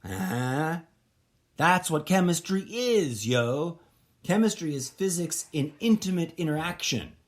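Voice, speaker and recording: A podcast host thinks out loud in a loose, rambling monologue packed with restarts and stray asides. He speaks slowly in a slightly high, sing-song voice.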